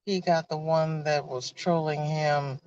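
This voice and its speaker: A woman with a deep, steady, slightly mellow voice speaks at a measured pace while live streaming casually from her car. She laughs and chats, reads viewers' comments, and greets them by name, all in a dull, lo-fi recording.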